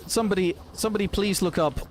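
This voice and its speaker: A man's voice: high voice, quick pace, slight background noise. A man streaming a shooter game, commentating and chatting with viewers, exclaiming at the action and laughing often.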